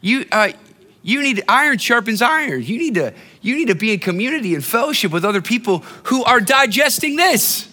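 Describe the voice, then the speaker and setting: Bright-voiced male pastor in a hall. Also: very high-pitched, big pitch swings, brisk. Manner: storytelling, conversational, repeats and restarts phrases. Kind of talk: sermon. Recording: long hall reverb.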